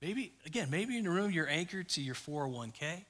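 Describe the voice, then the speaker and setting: Pastor guy preaching, bright punchy voice, big reverby church hall. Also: expressive, brisk. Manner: storytelling, acts out quotes with big pitch jumps. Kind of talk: sermon. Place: church sanctuary.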